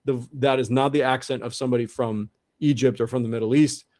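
A man's voice: medium pitch, fairly even intonation, quick pace, darkish tone. A man as an interview guest, talking in an earnest monologue that often repeats and restarts. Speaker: guest researcher.

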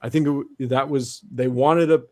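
A man's voice: mid-range voice, fairly even intonation, moderate pace, no room sound. A man speaking as a guest in an interview, earnestly laying out an argument step by step with frequent restarts. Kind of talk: conversational interview explanation.

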